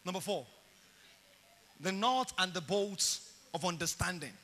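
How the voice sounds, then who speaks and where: Bright, high-voiced Nigerian preacher. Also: male voice, unhurried, in a large hall. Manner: animated storytelling, acts out dialogue. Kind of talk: sermon.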